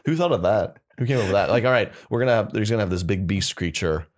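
A man's voice: fairly low pitch, fast. A man from the American South with a Southern accent, joking through made-up folksy sayings in a casual comedy chat. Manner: joking, makes up folksy sayings, lively delivery.

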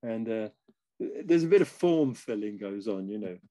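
An older man in his eighties tells stories as a podcast guest. His manner is chuckling and self-deprecating, and he is relaxed and conversational. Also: on the low side, normal speed, dry recording, low-quality recording. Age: 80s. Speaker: guest musician. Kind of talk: casual storytelling.

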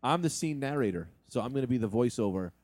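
A man with a mellow, dark voice narrates and bosses a comedy sketch in deadpan fashion. His sound is close and dry, with nothing around it. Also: mid-range voice, quick pace, dry recording. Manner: deadpan, bossy, exasperated. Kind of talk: improvised comedy.

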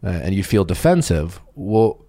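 A man hosting a podcast who talks in a reflective, halting way with restarts and fillers. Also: low voice, sing-song, dark tone, no echo, studio quality. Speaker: podcast host. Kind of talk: podcast conversation.

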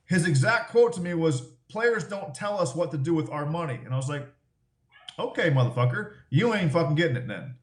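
A man's voice: on the high side, roomy sound. A middle-aged former ballplayer telling stories as a podcast guest, swearing freely and laughing as he talks. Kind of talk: casual storytelling, profane.

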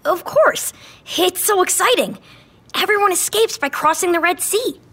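A woman's voice: extremely high pitch, expressive, moderate pace, bright, forceful tone, heavily acted. A woman voicing a curious, playful young boy in a children's audio story, asking eager questions. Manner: eager, chatty.

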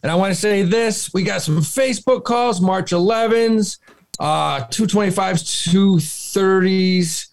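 A man's voice: sits high, a little slow, vocal fry. A man co-hosting a podcast, talking stock trades in a blunt, profane way. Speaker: podcast co-host. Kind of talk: casual podcast chat about stocks.

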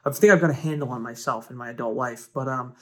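A man's voice: medium pitch, fast, bright, forceful tone. A man in his twenties leaving a recorded question for a podcast, earnest and a bit hesitant. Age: 20s. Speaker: caller.

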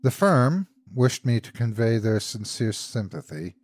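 A man's voice: mid-range voice, sing-song, measured pace, a little mellow, no room sound. A man voicing a formal, uneasy company messenger delivering bad news in a subdued way. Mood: somber.

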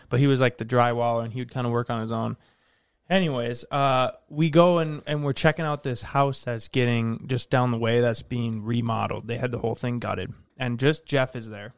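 A man's voice: mid-range voice, dry recording, clean studio sound. Rambling man telling a shop story. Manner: rambling storyteller, leans on "anyways" and "like". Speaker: podcast co-host. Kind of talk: casual storytelling chat.

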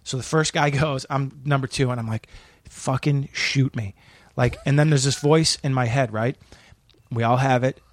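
A man, a comedian guest on a podcast, telling a story in casual chat, profane and animated, acting out other people's voices. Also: mid-range voice, normal speed, dry recording. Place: small room.

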